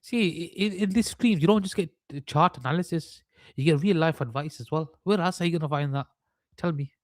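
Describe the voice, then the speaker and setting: A man's voice: a little high, a little fast, dry recording. Man joking through chart talk. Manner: rambling, mock-serious joking rants. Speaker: trading streamer. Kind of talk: live stream chart analysis.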